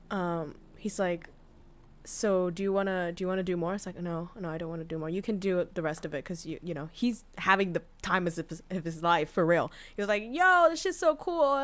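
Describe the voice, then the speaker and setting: A woman streamer telling a story in casual chat, candid and profane, with many fillers and restarts. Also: fairly low pitch. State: tearful, voice breaking. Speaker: VTuber streamer.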